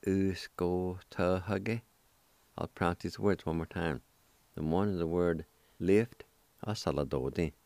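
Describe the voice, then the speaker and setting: A man's voice: deep voice, fairly even intonation, moderate pace, a little mellow, no echo. A man teaching vocabulary, spelling out each word letter by letter and repeating every syllable patiently, with a studio sound. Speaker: language teacher. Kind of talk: slow spelling and pronunciation drill.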